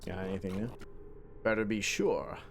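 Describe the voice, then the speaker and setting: A smug, oily fish speaks with a put-on British accent, low and sly, teasing in riddles like a mock-wise game character, as a man puts him on. He lectures with a teasing calm. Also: moderate pace, a little hiss or hum.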